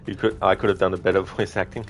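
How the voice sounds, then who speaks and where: Deep-voiced rambling game streamer, man. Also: a little hiss or hum. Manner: rambling, lots of ums, chats with viewers. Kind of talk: casual live-stream gameplay chat.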